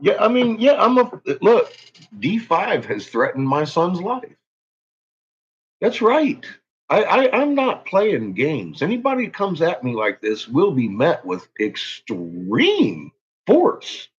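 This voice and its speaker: A man's voice: sits high, big pitch swings, slow, breathy edge, muffled recording. A man ranting angrily on his channel, swearing constantly and making heated threats. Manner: profane, heated, swaggering threats. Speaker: YouTuber. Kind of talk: angry ranting vlog.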